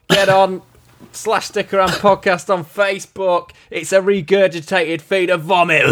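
A man putting on the voice of a profane, ranting punk frontman, firing off deadpan insults. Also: fairly high pitch, pitched above the performer's own voice.

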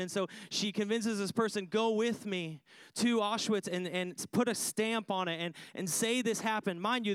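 A man's voice: sits high, a bit bright, smooth, no echo. A man preaching a sermon, emphatic, repeating phrases for effect and putting questions to his listeners. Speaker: pastor.

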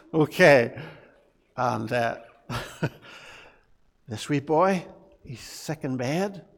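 A man, a pastor giving a children's talk in church, playful and coaxing, asking the children many questions. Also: fairly high pitch. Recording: long reverb of a large hall.

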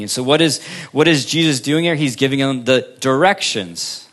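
A pastor preaching to his congregation at a mid-range pitch, posing questions and answering them himself. He swings from lifted, emphatic phrases down to soft, trailing endings, with unhurried pauses between thoughts. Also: lively intonation. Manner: preaching with strong rises and falls, long pauses, drops to near quiet at line ends. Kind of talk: sermon.

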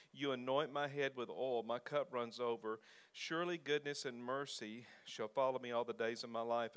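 A male pastor delivers a sermon in an easygoing, conversational manner, with a smooth and resonant voice at a middle pitch. He pauses on fillers and reads scripture passages aloud between his own remarks. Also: fairly bright tone.

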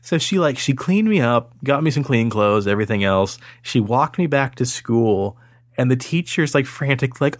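A man in his thirties co-hosts a casual podcast and spins a crude anecdote with lots of laughter. His pitch swings widely, and the sound is dry and close to the mic. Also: moderate pace, no echo. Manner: animated, crude, laughing storyteller. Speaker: podcast host. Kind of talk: casual storytelling chat.

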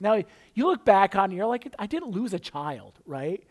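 A man's voice: high voice, sing-song, normal speed, darkish tone. A man preaching a conversational sermon, telling a personal story and joking with the congregation. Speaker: pastor.

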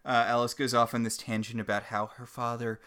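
A woman's voice: a bass voice, level tone, fairly quick, a bit bright. A woman co-hosting a podcast, recapping an episode casually with dry, mocking humor. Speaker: podcast co-host.

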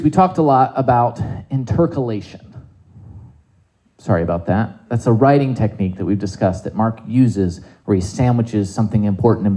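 Conversational male preacher, mellow voice. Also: fairly low pitch, poor audio. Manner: animated, conversational preaching with rhetorical questions. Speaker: pastor. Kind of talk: sermon.

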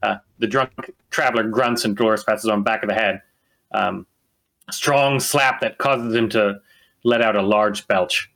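Bright-voiced casual game master. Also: male voice, lowish voice, a little slow, gravelly. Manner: casual, rambling with many fillers. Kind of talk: narrating a tabletop game.

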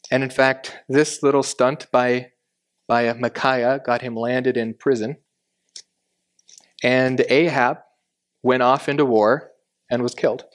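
Guy preaching a bible lesson, steady and explanatory, leans on the key words. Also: mid-range voice. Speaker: Bible teacher. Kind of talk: expository sermon.

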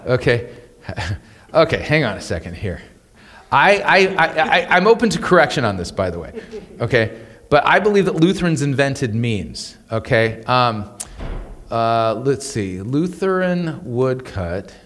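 A man teaching the Bible in a conversational, animated way, often stumbling over and repeating his words and chuckling as he explains. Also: medium pitch, measured pace, long reverb tail.

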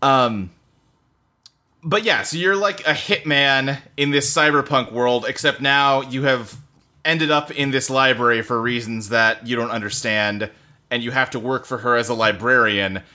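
Bright-voiced man rambling casually. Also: mid-range voice, a little slow. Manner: rambling, loose, profane, lots of fillers. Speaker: podcast co-host. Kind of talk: casual chat about video games. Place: home office in a bedroom. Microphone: desktop computer setup.

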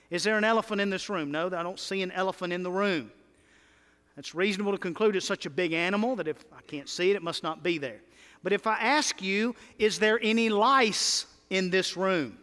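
A man preaching a sermon as pastor, animated and calling out to his congregation. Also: sits high, a little fast. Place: church sanctuary. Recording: long hall reverb.

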